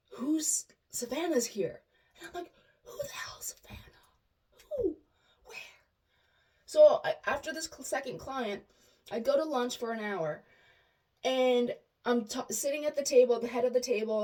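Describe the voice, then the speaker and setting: A woman's voice: fairly high pitch, distant mic. A woman telling personal stories in a casual, chatty way, acting out the lines of the people in them. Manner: chatty and animated, acts out quoted dialogue, many restarts. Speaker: vlogger sharing personal stories. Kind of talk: casual storytelling monologue.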